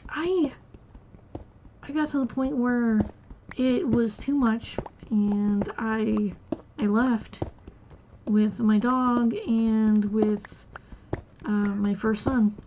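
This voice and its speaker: Woman streamer, fairly high voice, slow and rambling, acts out quoted dialogue; dull lo-fi mic with faint hiss. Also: mellow. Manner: rambling, retells conversations by acting out quotes. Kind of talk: casual personal storytelling. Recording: dull lo-fi sound with faint noise.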